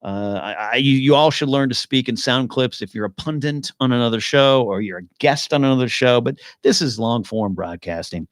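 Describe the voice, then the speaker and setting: A man hosting a live podcast in casual chat, answering questions from viewers as he goes. He rambles, restarts and thinks out loud, and his voice sits mid-range. The sound is dry and close. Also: mid-range voice, normal speed, few pauses, no room sound. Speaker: podcast host.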